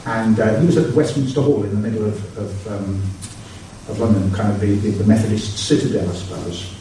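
A man's voice: lowish voice, steady tone, fairly quick, warm tone, slight background noise. A man preaching a sermon, earnest and building to urgent exhortation. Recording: echoey hall, mic far off.

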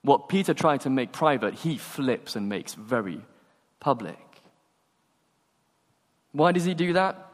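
A man preaching a sermon, telling stories and acting out the dialogue with animated energy. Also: mid-range voice, measured pace, long pauses. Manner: animated storytelling, acts out dialogue. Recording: long hall reverb.

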